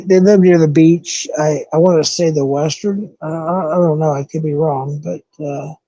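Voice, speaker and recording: A man's voice: on the high side, mellow, dry recording, low-quality recording. A man from the American Southwest hosting a casual live stream, rambling loosely and correcting himself as he chats with viewers. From southwestern United States. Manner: rambling, loose, thinks aloud with fillers and self-corrections.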